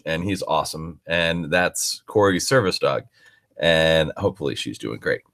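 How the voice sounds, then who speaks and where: A man in a relaxed live-stream chat, his voice sitting at an ordinary middle pitch. He talks in a chatty, encouraging way and often restarts his sentences as he goes. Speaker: dog trainer hosting a live chat.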